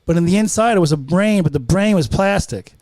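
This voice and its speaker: High-pitched and expressive, with a darkish tone and a fairly quick pace, this guest comedian's voice comes through on a dry recording from a podcast studio. His casual storytelling rambles and swears, and he voices the people in each story himself.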